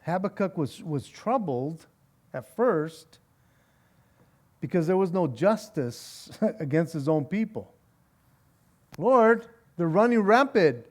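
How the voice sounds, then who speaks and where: A man leads a relaxed evening Bible study as its pastor, his voice sitting high for a man. He moves slowly and deliberately through the scripture reading. Then he unpacks it in a chatty, wry way, with small chuckles and doubled-up words. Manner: reads scripture aloud, then talks it through with wry sarcasm; frequent repeated words and chuckles. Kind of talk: conversational Bible study sermon.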